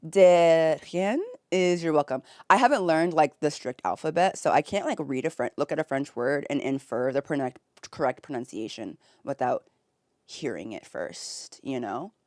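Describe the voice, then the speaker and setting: A woman's voice: sits low, animated, moderate pace, no room sound, clean studio sound. A young American woman streaming from bed, chatting casually with viewers, reading chat aloud and laughing often. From United States. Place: home, in bed.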